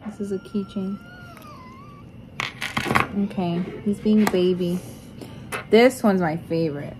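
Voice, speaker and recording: A young woman casually showing off puzzle toys at home, excited and teasing, constantly saying how cool things are. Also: medium pitch, takes it slowly. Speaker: vlogger. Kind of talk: casual unboxing chat. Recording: noisy home recording.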